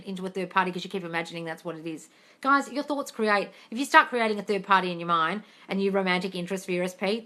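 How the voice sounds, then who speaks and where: A woman's voice: medium pitch, a bit bright. A woman hosting a casual live-stream Q&A, reading viewer questions and answering them bluntly with plenty of swearing.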